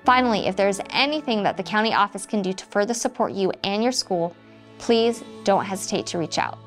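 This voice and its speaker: A woman trainer calmly narrating an instructional video for educators, in a measured, explanatory way. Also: mid-range voice, soft background music. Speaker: restorative practices trainer for educators.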